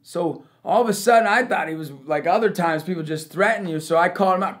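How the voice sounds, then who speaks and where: A man giving a personal testimony about forgiveness as a youth leader, telling it with lively storytelling that swings from loud to hushed and breaks into laughs. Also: sits high, a little fast, vocal fry, few pauses.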